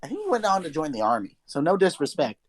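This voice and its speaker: A man's voice: a little high, wildly swooping pitch, fast, dry recording. A young man co-hosting a podcast, telling a story in casual chat, swearing a lot and talking with animation. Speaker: podcast co-host.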